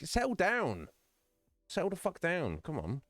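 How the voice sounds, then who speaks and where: A man's voice: high-pitched, expressive, moderate pace, a bit bright, husky, no echo, soft background music, voice pushed up, full character voice. A man doing a brash imperial redcoat. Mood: swaggering. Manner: brash, bossy, mocking. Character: blustering red-coated imperial British soldier, male.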